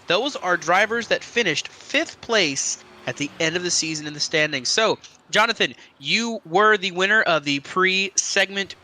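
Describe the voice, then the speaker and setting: A man hosting a casual online trivia game, joking with players and reading clues quickly. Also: sits high, pushed and bright, a little hiss or hum.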